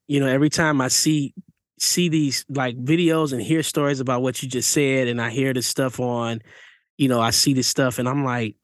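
A man's voice: medium pitch, no room sound, studio quality. A man in casual conversation, talking things through in a reflective way with many fillers. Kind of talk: casual chat.

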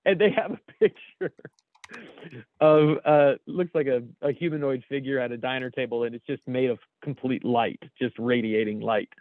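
A man's voice: mid-range voice, normal speed, phone-quality sound. A man with an American accent co-hosting a casual show, reading jokes aloud and laughing often. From United States. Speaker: podcast co-host.

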